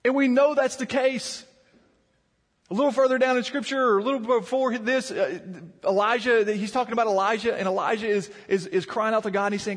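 An earnest pastor preaches in a fairly high, slightly husky voice, repeating words as he presses his point. His voice rings with the long reverb of a church sanctuary. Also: fairly quick. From Virginia mountains. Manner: earnest, repeats words when building emphasis. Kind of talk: sermon.

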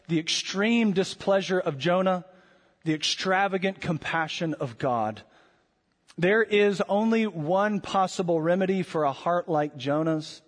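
A man preaching a sermon earnestly, his voice swelling at emphatic points and dropping low and quiet elsewhere. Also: big-room sound. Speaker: pastor.

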